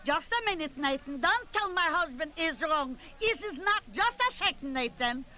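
A woman's voice: high voice, expressive, moderate pace, pushed and bright, poor audio. A woman playing an older, gossipy and bossy chairwoman who runs a club meeting, chatting and scolding as she keeps cutting herself off. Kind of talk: comic character monologue.

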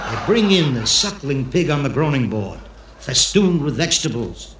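Lively joke-telling man in an echoey room. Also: medium pitch, normal speed. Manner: storytelling with Yiddish phrasing and lively character voices. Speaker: comedian telling jokes. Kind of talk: stand-up joke telling to a live audience. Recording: echoey room with faint noise.

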